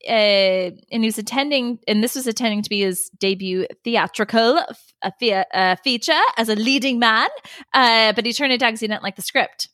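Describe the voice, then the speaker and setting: A woman's voice: fairly high pitch, normal speed, a bit bright, no room sound, studio quality. A woman co-hosting a casual movie rewatch podcast, chatty and laughing often mid-sentence. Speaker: podcast co-host.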